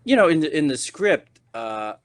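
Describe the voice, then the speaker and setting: A man's voice: a little high, big pitch swings, moderate pace, no room sound. A middle-aged man, an actor guesting on a podcast, telling a story casually with lots of restarts and "you know"s.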